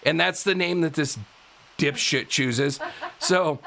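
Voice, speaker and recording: Bright, gravelly-voiced man telling a story. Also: fairly high pitch, slow, slight background noise. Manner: animated, laughs often, stumbles over words. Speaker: podcast host. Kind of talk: casual true-crime storytelling. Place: live podcast studio.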